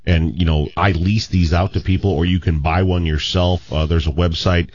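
A man's voice: deep voice, steady tone, normal speed, darkish tone, highs cut off. A man on a radio show explaining tracking devices in a matter-of-fact way. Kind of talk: casual radio chat.

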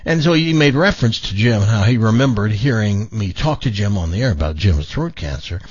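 A man's voice: lowish voice, expressive, brisk, slightly rough, dry recording, dull audio. A male radio talk show host chatting on air in a reflective, rambling way, full of restarts. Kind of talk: casual on-air chat.

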